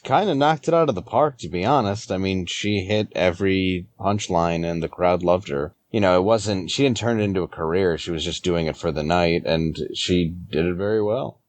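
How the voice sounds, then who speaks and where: Deep-voiced man telling a story. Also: moderate pace, hardly any pauses. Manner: animated anecdote-teller, acts out other people. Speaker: comedian guest. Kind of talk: conversational storytelling.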